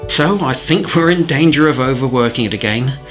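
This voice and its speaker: A middle-aged man narrating a watercolour painting tutorial in a chatty, gently humorous way. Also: medium pitch, a little fast, faint music behind. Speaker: watercolour teacher.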